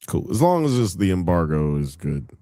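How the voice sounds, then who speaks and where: A man hosts a live nerd podcast, trading jokes and laughing between topics. His low voice swings up and down a lot. The sound is dry and close to the mic. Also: moderate pace, dry recording. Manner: joking, animated, laughs often. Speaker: podcast host. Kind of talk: casual live-stream chat.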